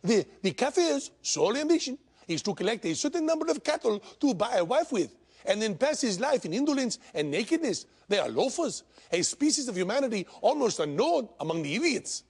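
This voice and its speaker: A lecturing elder puppet speaks in a put-on Indian accent, played by a man. The voice sits high and strained, with a rough, husky edge, and it swoops about as it scolds. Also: sing-song, fairly quick, hardly any pauses, a little mellow, full character voice. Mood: preachy. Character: mock Indian elder male puppet, preachy.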